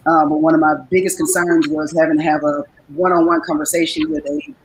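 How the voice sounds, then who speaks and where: A woman speaking in a hesitant, reflective way in a casual group chat, pausing and restarting. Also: deep voice, slight background noise, low-quality recording.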